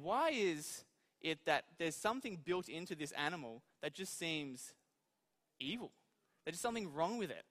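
A man's voice: sits high, a bit bright. A man preaching a conversational sermon in a church hall, talking informally and putting questions to his audience. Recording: long hall reverb.

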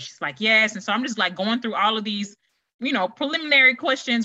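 Bright-voiced chatty woman podcast host. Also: on the high side, animated, fast talker, no echo, dull audio. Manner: chatty and rambling, many fillers and restarts. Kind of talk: casual solo podcast chat.

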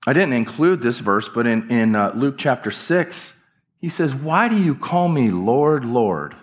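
Speaking in an unhurried, very animated mid-range voice, a male pastor delivers an emphatic and impassioned sermon. Repetition drives his preaching.

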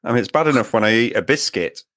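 A man's voice: mid-range voice, expressive, a bit bright. A man co-hosting a casual podcast chat in a teasing, easygoing way. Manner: teasing and quick to laugh. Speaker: podcast co-host.

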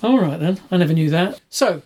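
A man's voice: high-pitched, lively intonation, fairly quick, darkish tone. A man co-hosting a podcast, reacting with short, skeptical remarks. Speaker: podcast co-host. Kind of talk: film discussion chat.

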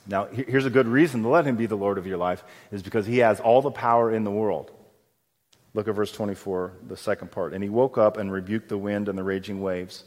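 A man's voice: on the low side, steady tone, a little fast, a little mellow. A man preaching a sermon as pastor, conversational and often asking his congregation questions. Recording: long hall reverb.

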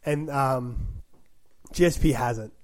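A man co-hosting a casual sports talk show, reacting quickly and thinking aloud through possible outcomes. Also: mid-range voice, a little mellow. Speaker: podcast co-host.

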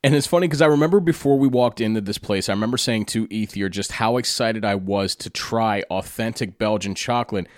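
A man's voice: fairly low pitch, a little fast, few pauses, dry recording, studio quality. A man from Pennsylvania, telling the story of a trip in a chatty, enthusiastic way with asides to the listener. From Pennsylvania, USA. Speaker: travel storyteller. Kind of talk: casual travel recap narration.

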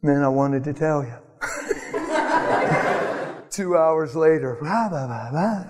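Animated preacher in an echoing hall. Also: male voice, fairly high pitch, slow, heavy background noise. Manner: animated, laughing often, acts out quoted voices. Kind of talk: sermon with storytelling.

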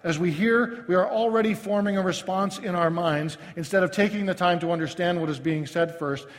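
A male pastor preaches in a high voice, chatty and self-deprecating, often halting and restarting his phrases. His words ring out with a long reverb, as in a large hall. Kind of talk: sermon.

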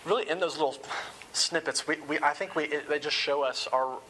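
A man's voice: on the high side, fairly quick, bright, forceful tone, slight background noise, poor audio. A man preaching a sermon to a live audience in a room, earnest and conversational, with casual asides.

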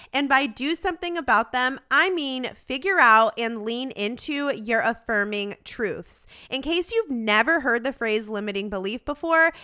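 A woman's voice: fairly high pitch, sharp tone, clear, resonant tone. A young adult woman hosting a motivational podcast, speaking in a direct, upbeat coaching way to her listeners. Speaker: podcast host.

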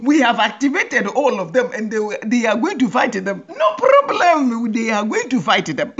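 A woman's voice: a little high, big pitch swings, normal speed, husky, highs cut off. A woman hosting a humorous monologue, often laughing and repeating phrases for comic effect in a mock-rallying address. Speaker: host.

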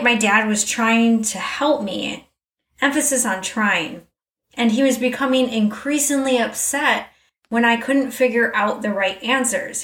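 A woman's voice: fairly high pitch, fairly bright tone, recorded from a distance. Candid woman in a roomy space. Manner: candid, confessional, speaks straight to the listener. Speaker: podcast host. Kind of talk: personal reflective monologue. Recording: roomy echo, a little off mic.

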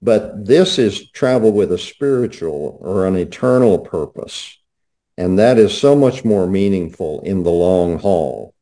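Low, mellow older male guest. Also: animated, unhurried. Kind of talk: casual interview.

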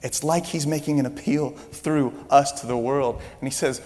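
A man's voice: fairly high pitch, fairly quick, hardly any pauses. Preaching man in a reverberant hall. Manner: animated storytelling, rising loud when excited. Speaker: pastor. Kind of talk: sermon.

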